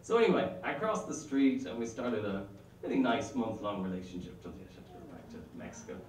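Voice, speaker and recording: A man's voice: mid-range voice, wildly swooping pitch, fairly quick, roomy sound, distant mic, noisy background. Chatty man telling a live story. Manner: chatty, self-mocking, laughing between lines. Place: stage before a live audience.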